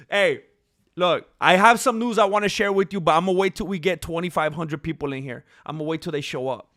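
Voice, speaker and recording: A man's voice: sits high, fairly quick, a bit bright. A man hosting a casual livestream, joking around and reading out names from the chat. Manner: playful, joking, reads chat names aloud. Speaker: livestream host.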